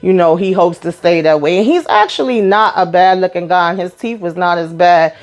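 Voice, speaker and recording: A woman hosting her own channel and recapping a reality TV episode in a casual, animated way, swearing freely and acting out what the people on the show said. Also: on the low side, a little fast.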